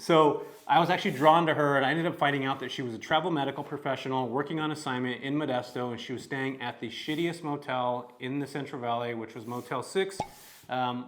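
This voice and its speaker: Young Californian guy, casual upbeat vlogger, mid-pitched and chatty. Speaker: real estate vlogger. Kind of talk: casual vlog to camera.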